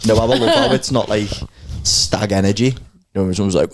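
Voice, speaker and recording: A man's voice: lowish voice, a little fast. A young man co-hosting a podcast, telling a story in a rambling, laid-back way with plenty of fillers. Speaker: podcast co-host. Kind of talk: casual chat.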